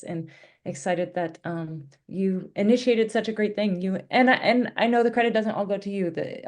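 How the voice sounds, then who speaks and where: A woman's voice: mid-range voice, darkish tone. A woman speaking up in an online town hall over a video call, earnest and effusive, with many fillers. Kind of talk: casual live video-call talk.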